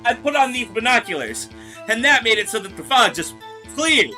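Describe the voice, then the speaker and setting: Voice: medium pitch, very animated, normal speed, pushed and bright, voice pushed up. A streamer voicing a flustered Southern woman witness with a put-on drawl, over game music. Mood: folksy. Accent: American Southern, put on.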